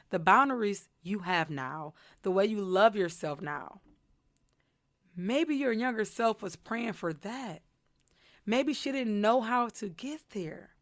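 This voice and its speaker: A woman's voice: medium pitch, fairly bright tone, no room sound. A young adult woman hosting a podcast, speaking in an earnest, reflective motivational monologue. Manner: reflective, earnest, slow deliberate delivery. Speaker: podcast host.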